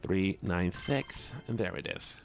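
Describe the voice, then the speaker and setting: A man's voice: low voice, measured pace, faint music behind. A man, a streamer and voice actor, chatting casually with his viewers while playing a game. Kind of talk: casual gaming livestream chat.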